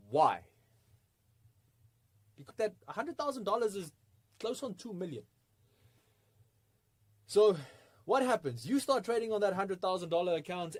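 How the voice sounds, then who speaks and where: A man presenting a live online trading masterclass, energetic and full of rhetorical questions, with frequent chuckles. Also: on the high side, no echo.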